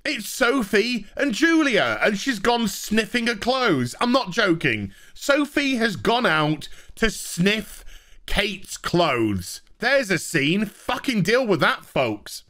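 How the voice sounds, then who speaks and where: Animated man ranting. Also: high voice, takes it slowly. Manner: sarcastic, profane, animated. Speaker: host. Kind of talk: ranting TV review.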